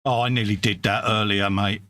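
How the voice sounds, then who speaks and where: A man's voice: on the low side, level tone, a little fast, bright, forceful tone. A man co-hosting a live stream, chatting casually while painting models, teasing his friend and reading out chat messages. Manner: laid-back, teasing, reads chat messages aloud. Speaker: co-host.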